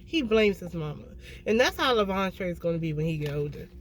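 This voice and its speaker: A tarot reader giving a casual reading to viewers, blunt and emphatic, swearing freely and often checking in with a quick "okay?". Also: medium pitch, sing-song, slight background noise.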